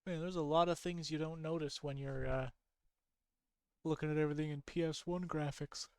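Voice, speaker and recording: A sleepy streamer with a slightly high-pitched voice talks through his game in a loose, rambling way. He yawns between thoughts, circles back to repeat himself, and perks up easily at small discoveries. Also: steady tone, normal speed, smooth, no echo. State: sleepy, yawning. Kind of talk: casual gameplay commentary.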